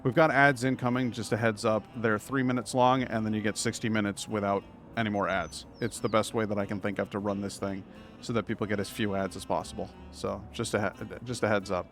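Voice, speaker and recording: A man's voice: on the low side, little pitch movement, a little fast, faint music behind. A man streaming a game live, chatting casually and telling stories with frequent restarts. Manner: rambling, warm storytelling with frequent restarts.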